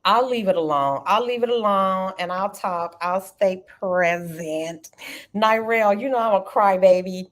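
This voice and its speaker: A woman's voice: mid-range voice, a little slow. A middle-aged woman hosting a live trading stream, chatting animatedly and calling her viewers y'all. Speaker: livestream trading host. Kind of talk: casual live-stream chat.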